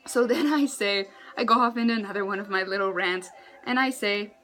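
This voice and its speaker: A woman's voice: mid-range voice, a little fast, fairly bright tone, poor audio. A young woman, a university student, telling a storytime vlog in an exasperated, ranting way with sarcastic asides. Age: young adult.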